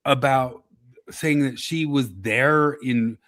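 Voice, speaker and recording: A man's voice: mid-range voice, slow pace, fairly bright tone, no echo. A man co-hosting a casual podcast, telling political stories with laughs and mimicking quotes. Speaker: podcast host.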